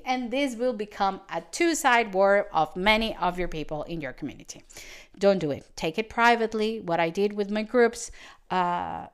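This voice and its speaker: A woman's voice: medium pitch, smooth. A woman hosting a podcast as a business coach, giving advice in a chatty storytelling manner. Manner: chatty, storytelling, restarts and fillers. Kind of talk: casual podcast monologue.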